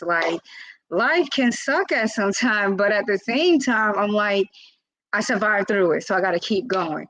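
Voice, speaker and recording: A woman's voice: medium pitch, animated, measured pace, a bit bright, no echo. A woman vlogger telling a personal story in a casual, earnest way, with lots of informal fillers. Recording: slightly dull, dry lo-fi recording.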